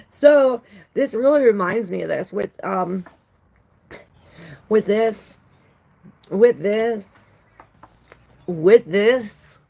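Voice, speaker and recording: A woman's voice: medium pitch, animated, measured pace, vocal fry, darkish tone. A woman doing a casual live tarot reading who talks loosely, swears freely and greets viewers by name. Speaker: tarot reader.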